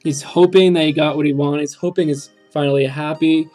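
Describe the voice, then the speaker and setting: Earnest man with a flat, higher voice. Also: a little fast, faint music behind. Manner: earnest and reflective, with frequent ums and restarts. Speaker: reaction video host. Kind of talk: casual spoken commentary on song lyrics.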